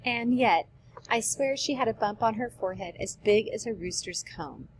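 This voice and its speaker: A woman's voice: on the high side, animated, normal speed, lightly acted, low-quality recording. Rambly old nurse lady read by a woman, goes on and on, repeats stuff, faint hiss behind. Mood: rambling. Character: talkative old female nurse, rambling and fond. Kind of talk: reading a play aloud.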